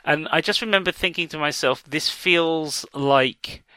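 A man's voice: on the high side, measured pace, sharp tone, clean tone, no room sound. A man co-hosting a podcast, talking casually and thoughtfully about a film, with frequent fillers and restarts. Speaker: podcast co-host.

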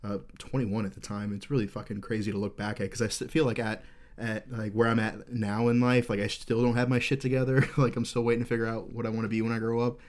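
A man's voice: fairly low pitch, little pitch movement, quick pace. A man in his thirties hosting a podcast, telling a rambling, candid war story full of swearing. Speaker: podcast host.

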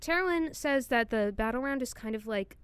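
A woman's voice: fairly high pitch, lively intonation, moderate pace, a bit bright, smooth, no echo. A young woman co-hosting a podcast, casually recapping a TV show with frequent ums and blunt opinions. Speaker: podcast co-host.

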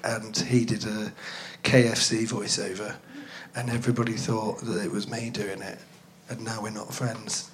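A man's voice: fairly low pitch, little pitch movement, normal speed, hardly any pauses. A young man from North London chatting casually in front of a live audience, rambling and poking fun at himself. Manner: rambling, self-deprecating, laughs at own jokes.

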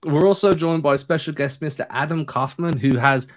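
A man's voice: fairly high pitch, moderate pace. A man hosting a sports podcast, joking and bantering through a casual chat. He speaks with a non-American English accent. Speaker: podcast host.

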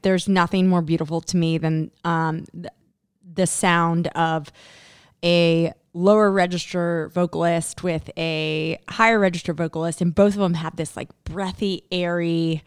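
A woman talking in a casual chat with a smooth, resonant voice on the low side. She tells stories in a chatty, animated way. The sound is close and dry. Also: a little slow, no room sound. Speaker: podcast co-host.

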